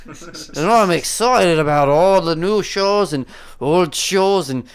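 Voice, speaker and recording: Male podcast host, casual comedy chat, profane and boastful, unhurried and a bit high. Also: clear, resonant tone.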